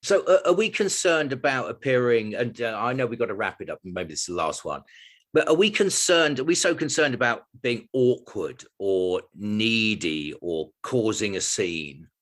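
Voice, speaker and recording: Thoughtful lowish man, searching for words. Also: sing-song, moderate pace, fairly bright tone. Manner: thoughtful, searching, hesitant phrasing. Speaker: podcast co-host. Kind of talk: casual discussion.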